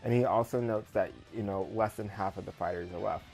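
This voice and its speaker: Male reviewer, lowish voice, loose filler-heavy episode recap, faint guitar bed underneath. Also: fairly quick, creaky, darkish tone, low-quality recording. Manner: rambling, filler-heavy retelling with paraphrased quotes.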